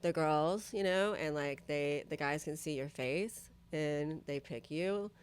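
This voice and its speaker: A young woman with a notably low voice tells candid stories on a podcast. She talks in a loose, rambling way, packing her sentences with "like" and "you know what I mean". She keeps it animated and acts out the people she quotes. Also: slow pace, smooth. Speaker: podcast guest. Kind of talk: casual chat, candid storytelling.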